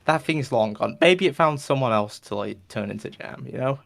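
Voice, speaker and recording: This podcast host sounds animated, his mid-range voice carrying vocal fry at a normal speed. He spins a long, loose joke in rambling comedic fashion and peppers it with whooshing sound effects.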